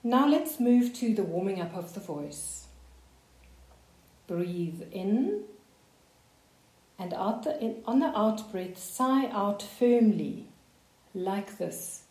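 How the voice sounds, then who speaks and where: Voice coach, female: unhurried, soothing, mellow tone, roomy echo. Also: mid-range voice. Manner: slow, calm, soothing guidance. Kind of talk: guided voice warm-up instruction.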